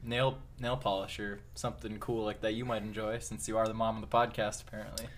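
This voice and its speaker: A man's voice: fairly low pitch, little pitch movement, fast. A young man co-hosting a podcast in casual chat, teasing with dry humor and chuckling at his own jokes. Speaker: podcast co-host.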